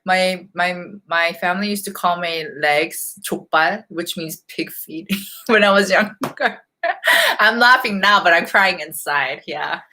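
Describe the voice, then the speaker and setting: A woman's voice: on the low side, lively intonation, unhurried, pushed and bright. A young woman hosting a casual live-stream Q&A, chatty and laughing often, reading out viewer comments and snacking as she talks. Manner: eating while talking. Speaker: beauty vlogger hosting a live Q&A.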